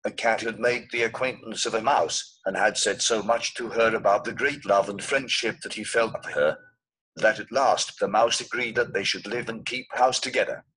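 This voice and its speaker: A man reading a fairy tale aloud at a steady, measured pace for language learners. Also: lowish voice, breathy edge, low-quality recording. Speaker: storyteller.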